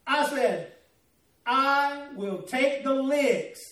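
A man's voice: very high-pitched, lively intonation, a little slow, fairly bright tone. A middle-aged man with a Southern American accent telling a personal story in a sermon, folksy and laughing through the tale. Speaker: pastor. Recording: echoey, from a distance.

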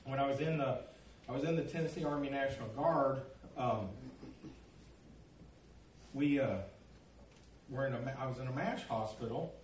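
A man's voice: medium pitch, moderate pace, pauses often, a little hiss or hum. A middle-aged man, a pastor preaching a sermon and telling stories in a folksy, rambling way with many fillers. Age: middle-aged or older. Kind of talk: sermon with storytelling. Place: church sanctuary. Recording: echoey room, from a distance.

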